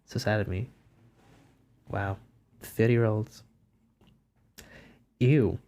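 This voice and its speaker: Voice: mid-range voice, steady tone, drawn-out words, warm tone. A nineteen-year-old streamer chatting casually on a live stream while drawing, giggly and self-mocking. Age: about 19.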